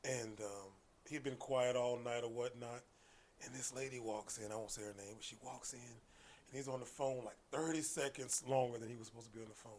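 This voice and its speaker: A man telling stories in casual conversation as a podcast guest, animated, dropping into hushed asides and then loud bursts. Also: medium pitch, fairly quick, a little hiss or hum.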